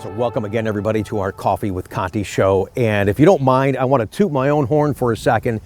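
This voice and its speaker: A man's voice: fairly low pitch, fast talker, darkish tone, faint music behind. A middle-aged man, a car salesman hosting his own channel, chatting casually and telling friendly stories outdoors in a park. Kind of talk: casual outdoor vlog talk.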